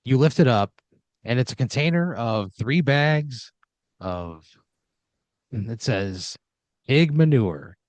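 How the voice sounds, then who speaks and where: A man's voice: mid-range voice, lively intonation, takes it slowly, pauses often, a little mellow, no room sound, lo-fi sound. A man narrating an improvised horror comedy scene in a loose, rambling way, full of fillers and restarts. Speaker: storyteller running the scene.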